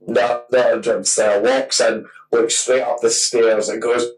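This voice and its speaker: A man's voice: medium pitch, level tone, slow pace, distant mic, poor audio. A man in his twenties co-hosting a podcast, telling a long rambling story in casual chat and swearing freely. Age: 20s. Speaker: podcast co-host.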